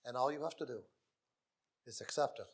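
A man's voice: mid-range voice, brisk. A man preaching a gospel sermon in an earnest way, repeating key phrases and dropping to a near whisper on the most solemn lines.

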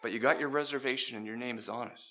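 A middle-aged man preaching an evangelistic sermon, telling a story and then urging his listeners, swinging between loud pleading and quiet emphasis. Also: medium pitch, very fast.

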